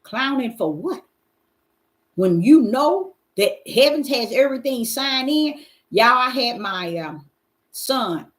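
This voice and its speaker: A middle-aged woman hosts a Bible question session, answering questions and preaching informally to a live audience in a folksy, emphatic style while calling out to listeners. Her voice is a little high, expressive, and slow.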